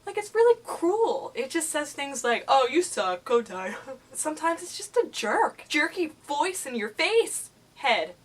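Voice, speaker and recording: Woman vlogger, casual candid chat, lively and exclamatory, joking asides, sitting on the floor indoors. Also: a little high. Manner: animated, exclamatory, self-mocking asides. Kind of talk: candid casual vlog talk.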